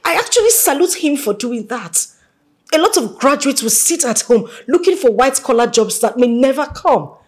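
A woman's voice: high-pitched, very animated, normal speed. An actress with a Nigerian English accent playing a young woman who argues with her mother and begs to keep the man she loves. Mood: arguing. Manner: pleading, emotional. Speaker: daughter.

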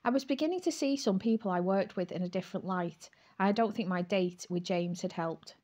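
Female narrator, mid-range voice, wry expressive read of a first-person novel. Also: medium pitch, brisk. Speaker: audiobook narrator.

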